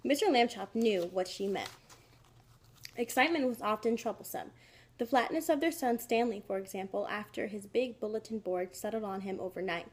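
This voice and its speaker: A woman's voice: mid-range voice, moderate pace. Woman reading a children's book aloud. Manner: clear, expressive. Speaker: narrator.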